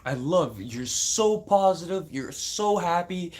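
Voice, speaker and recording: A man's voice: lively intonation, takes it slowly. Agitated man venting raw. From Manitoba, Canada. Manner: agitated and raw, swears a lot, swings from loud outbursts to low mutters. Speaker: vlogger. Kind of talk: casual unscripted venting to camera.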